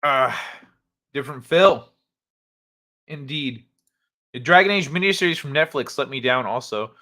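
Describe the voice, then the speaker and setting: A young man hosting a laid-back livestream, chatting and reading news out loud with frequent swearing. His voice is bright and forward, and he talks in a loose, offhand way. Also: mid-range voice, animated, a little slow. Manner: chatty, swears casually, reads articles with asides. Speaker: livestream host. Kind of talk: casual chat reading news and chat aloud.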